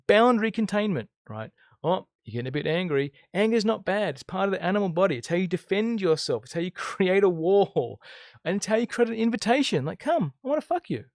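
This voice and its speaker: Man, fairly high voice with a gravelly edge, blunt spiritual teacher, keeps tagging "right?", dry sound. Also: no room sound. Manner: emphatic, keeps checking in with "okay?" and "right?"; blunt, swears freely. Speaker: I Ching teacher and counselor. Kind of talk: casual spiritual monologue to camera.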